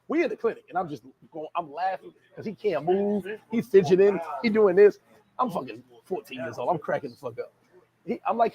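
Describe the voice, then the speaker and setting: A man, chatting casually as a vlogger, reading viewer comments and telling stories in an animated, laughing, slangy way. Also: sits high, fairly quick, slightly rough, poor audio. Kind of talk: casual chat.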